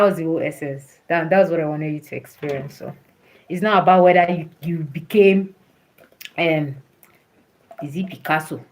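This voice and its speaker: A woman's voice: on the low side, a little mellow, poor audio. A woman talking casually and encouragingly to a follower, laughing often as she talks. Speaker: host.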